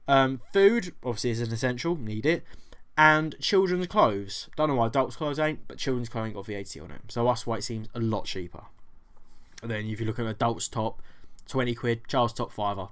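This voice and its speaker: A young British man, a vlogger, telling a story in a lively way, acting out both sides of the exchange and swearing freely. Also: mid-range voice. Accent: British English. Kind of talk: storytelling vlog.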